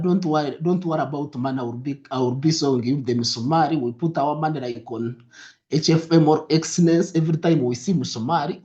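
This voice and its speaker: A young adult man hosts a live trading stream, greeting viewers and repeating himself in an upbeat way, dropping into soft asides. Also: a little high. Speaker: trading mentor hosting a livestream. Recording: lo-fi stream audio.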